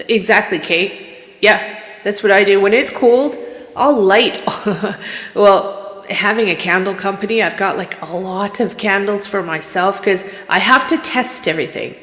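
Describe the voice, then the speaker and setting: Woman medium from Canada, mid pitch, rambling and emotional; casual livestream, roomy reverb. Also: fairly bright tone. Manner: rambling, candid, emotional, restarts. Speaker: psychic medium streamer. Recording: echoey room with long reverb.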